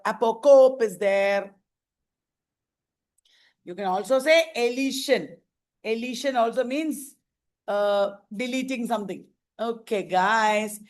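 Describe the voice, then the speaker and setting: Slow-talking woman teacher. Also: on the high side. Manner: slow, repeats terms, quizzes the class with frequent okay. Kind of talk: exam revision lecture.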